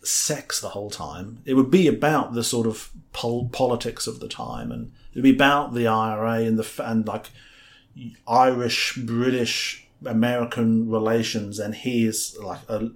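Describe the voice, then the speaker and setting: A man's voice: mid-range voice, moderate pace. A man co-hosting a casual movie review podcast, rambling and joking at his own expense. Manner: rambling, self-deprecating, playful. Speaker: podcast co-host.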